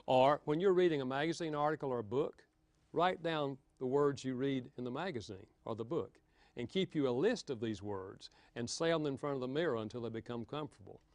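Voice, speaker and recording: A man giving a lively, humorous marriage seminar talk, joking with his audience. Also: mid-range voice, a little fast, dry recording. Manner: animated, playful, jokes with the audience.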